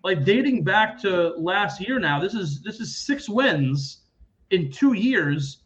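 A man hosting a casual sports podcast, talking in an animated, rambling way and acting out quoted people loudly. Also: sits high, takes it slowly, dull audio. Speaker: podcast host.

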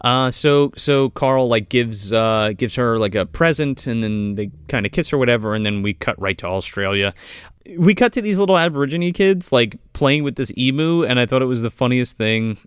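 Podcast dude rambling through a movie, lots of likes, lively pitch. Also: male voice, normal speed, clean tone, no echo, clean studio sound. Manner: rambling, full of "like", jokey retelling. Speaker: podcast co-host. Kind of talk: casual film-review chat.

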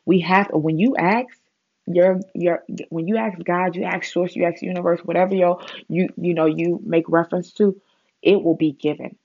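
Woman, spiritual vlog monologue, rambling and animated, dry muffled sound, mid pitch. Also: normal speed, slightly rough, no echo. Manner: rambling, many fillers and restarts, animated retelling.

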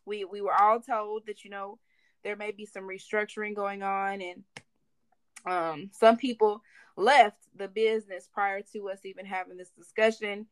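A woman in her twenties co-hosts a podcast, telling a work story in casual, slangy chat and slipping into voices when she quotes people. Her voice is mid-range with little pitch movement, a moderate pace, and a clean tone with no echo.

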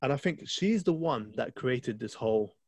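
A man's voice: medium pitch, lively intonation, normal speed, darkish tone, husky, no echo. A man co-hosting a podcast, chatting casually and enthusiastically about a film, rambling with restarts. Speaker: podcast co-host.

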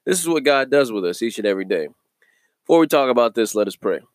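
A man hosting a daily devotional video, teaching from the Bible in a relaxed, conversational way and chuckling between thoughts. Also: mid-range voice, quick pace, no room sound, clean studio sound.

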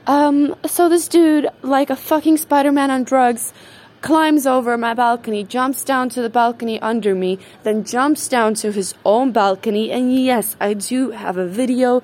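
A woman's voice: a little high, fairly even intonation, unhurried, darkish tone. A woman telling a story in a casual, chatty way, swearing freely and filling her speech with "like" and "um". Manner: frequent fillers like "like" and "um". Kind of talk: casual spoken anecdote.

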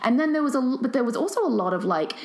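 A woman actress telling stories in casual chat, animated and sarcastic. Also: high voice, racing, crowd noise. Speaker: actress guest.

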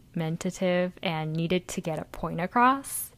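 A young woman co-hosting a casual podcast, soft-spoken and hesitant, giggling often. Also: on the low side, moderate pace. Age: young adult. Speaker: podcast co-host.

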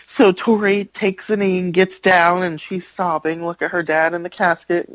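A man co-hosting a podcast, telling a wrestling recap in a lively, animated way and acting out the lines. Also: high voice, moderate pace, few pauses, no room sound, poor audio. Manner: animated storyteller, acts out quotes. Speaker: podcast co-host. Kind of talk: casual chat recapping wrestling.

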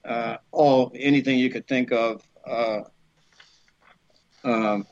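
A middle-aged actor from Alabama telling rambling, animated stories in a podcast interview, acting out quotes with many fillers. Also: male voice, mid-range voice, slow, muffled recording. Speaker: actor guest.

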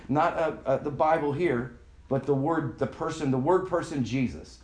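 A man preaching a sermon in a loose conversational way, often having the congregation repeat words back to him. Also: medium pitch. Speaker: pastor. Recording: echoey room.

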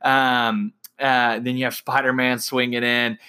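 Young male film fan, bright tone, rambling and excitable. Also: mid-range voice, measured pace, clean tone. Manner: excited, rambling with many fillers and restarts. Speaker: movie reviewer. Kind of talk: casual movie recap.

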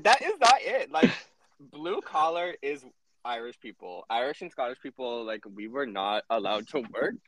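A young adult man co-hosting a podcast, animated and argumentative in casual chat. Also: mid-range voice, normal speed, poor audio. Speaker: podcast co-host.

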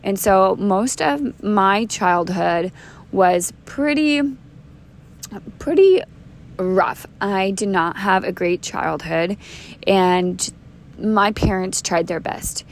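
In her thirties, this woman hosts a podcast and shares her personal faith testimony. She speaks slowly at a medium pitch, earnest and conversational, often restarting and using fillers.

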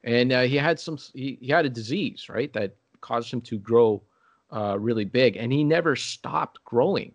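A man in casual chat, rambling and halting with many restarts and fillers. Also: medium pitch, dry recording, dull audio.

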